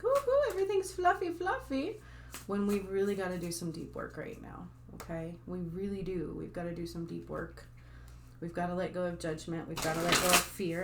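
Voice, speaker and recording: Chatty woman with a low voice. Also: slight background noise. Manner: chatty, rambling, with frequent fillers and asides to viewers. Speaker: spiritual healer addressing viewers. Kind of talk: casual talk to camera.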